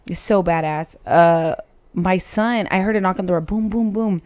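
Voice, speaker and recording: A woman's voice: fairly low pitch, normal speed, a little mellow, no echo. A woman in her forties, a podcast guest, telling a personal story in blunt, emotional, heavily sworn casual chat.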